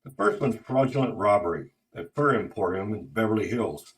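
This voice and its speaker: A man's voice: lowish voice, expressive, moderate pace. A man voicing a loyal, upbeat woman office assistant, speaking in a reassuring way, in a spoken story.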